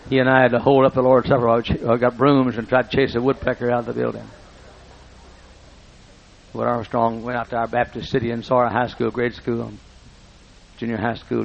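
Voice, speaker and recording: Gravelly-voiced folksy preacher. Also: male voice, medium pitch. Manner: folksy, humorous anecdotes with self-interruptions. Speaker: pastor. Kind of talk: storytelling sermon. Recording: dull lo-fi recording.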